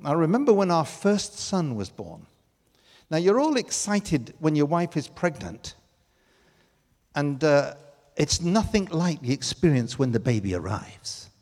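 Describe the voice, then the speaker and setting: An older man preaching a sermon, telling personal stories with emotion that swings from loud to hushed. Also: fairly high pitch, very animated, measured pace, big-room sound.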